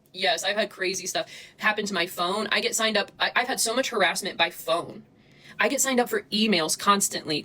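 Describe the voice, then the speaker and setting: A woman's voice: a little high, a bit bright, low-quality recording. A young woman venting to her chat on a livestream, agitated and swearing heavily as she talks to viewers.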